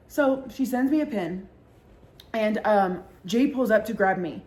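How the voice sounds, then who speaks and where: Woman vlogger, casual storytime, swears a lot, rambling with fillers, mid-pitched voice, acts out quoted voices. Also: unhurried, a little mellow.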